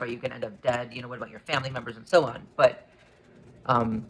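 A man's voice: mid-range voice, breathy edge. A man giving an earnest solo monologue as a vlogger, often stumbling and repeating words as he restarts his sentences, and getting more emphatic as he goes on.

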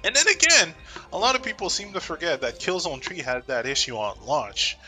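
A man's voice: on the high side, big pitch swings, fairly quick, pushed and bright, soft background music. A man vlogging about games in a casual, profane, joking rant. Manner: profane, laid-back, joking. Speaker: gaming vlogger.

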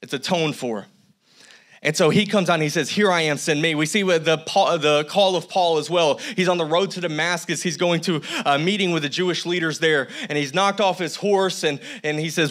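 A man's voice: a little high, brisk, fairly bright tone. A man preaching a sermon as a church pastor, conversational with humorous asides. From United States. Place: church sanctuary.

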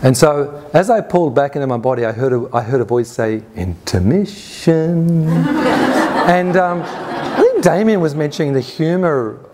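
Animated man telling a story. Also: a little high, normal speed, slight background noise. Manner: animated, humorous, chuckles often. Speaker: conference speaker. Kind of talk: personal storytelling talk. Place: conference stage.

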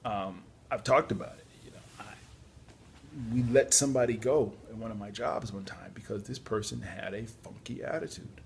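A man's voice: lowish voice, brisk, vocal fry, few pauses, slight background noise. A tired man giving casual, chatty job-search advice, yawning at times and adding apologetic asides. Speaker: podcast host on job search. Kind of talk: casual spoken advice talk.

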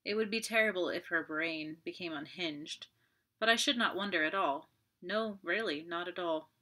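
Woman reading pompous older french magistrate, self-satisfied, sighing, lowish voice, bright tone. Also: moderate pace.

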